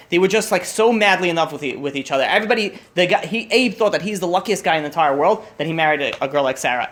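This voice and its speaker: A young man with a high-pitched, slightly bright voice casually tells a long story to a group over a holiday meal. He sounds rushed, restarting often and filling gaps with lots of fillers.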